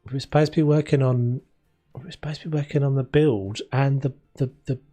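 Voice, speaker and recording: This young man's medium-pitched voice has a dark, steady tone and a fairly quick pace as he streams a renovation game. He rambles and chats with viewers, laughing often during his casual gameplay commentary, with faint game music underneath.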